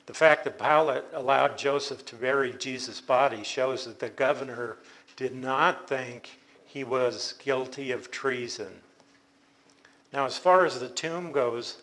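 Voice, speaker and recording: A man's voice: medium pitch, a bit bright. A man teaching a Bible study, explaining patiently and often restarting his sentences. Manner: explanatory, unhurried, with frequent restarts.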